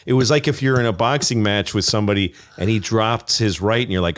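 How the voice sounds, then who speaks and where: Middle-aged male comedian, low voice, loose profane storyteller who plays out every quote. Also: brisk, fairly bright tone, a little hiss or hum. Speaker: comedian guest. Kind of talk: casual chat.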